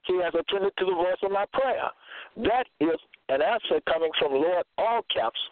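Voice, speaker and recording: A man's voice: a little high, dry recording. Man preaching over a tinny phone line. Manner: reads verses slowly, repeats "okay?". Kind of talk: scripture-quoting sermon.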